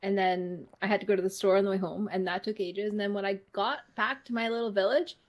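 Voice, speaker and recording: Animated woman telling a story. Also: mid-range voice, fast talker. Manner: animated storytelling, acts out her own quotes. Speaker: podcast co-host. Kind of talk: casual chat.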